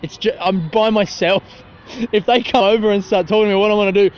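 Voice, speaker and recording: A man's voice: sits high, fairly even intonation, fast. A young man hosting a rambling solo podcast on a city street at night, talking into his phone, swearing and mocking himself. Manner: profane, self-mocking, laughs at his own jokes. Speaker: podcast host. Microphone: phone held while talking. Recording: dull phone recording with street noise. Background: faint traffic and passers-by.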